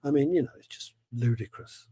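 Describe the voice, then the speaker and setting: A man's voice: medium pitch, a little fast, dark tone, husky, no echo. Passionate man hosting radio. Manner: passionate, emphatic opinions with repetitions. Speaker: radio show host. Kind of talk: casual talk radio chat.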